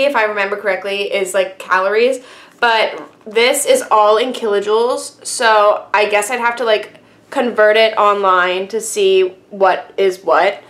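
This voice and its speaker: A woman's voice: on the high side, fairly bright tone. A young woman from the United States, chatting bubbly and casually with lots of fillers as she reviews a product for her vlog. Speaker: YouTube vlogger. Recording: echoey room.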